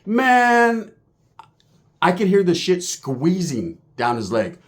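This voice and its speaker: A man from California tells a crude prison story as a profane monologue, cursing freely and voicing the other people involved. He speaks slowly in a high voice whose pitch swoops wildly.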